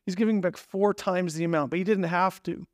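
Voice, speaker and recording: A man's voice: high voice, fairly even intonation, a little fast, no echo, clean studio sound. A man preaching a sermon as pastor, telling the story in a conversational, emphatic way with acted asides.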